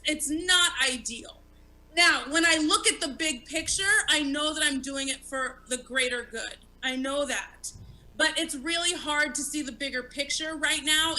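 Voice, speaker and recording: A woman's voice: sits high, pushed and bright, rough recording. A woman in her late thirties, a stand-up comic hosting an online talk show, talking candidly and with plenty of profanity. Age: 30s. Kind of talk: casual live-streamed talk show chat.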